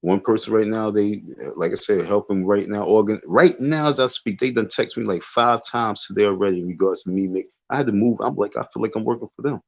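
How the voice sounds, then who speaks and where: A man with a lowish voice rants casually on a livestream, repeating himself emphatically and drawing out every word of insistence. The audio is dull and lo-fi, like a cheap stream mic. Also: gravelly. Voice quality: repetitive, emphatic. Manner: dismissive, drawn-out insistence. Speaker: live streamer.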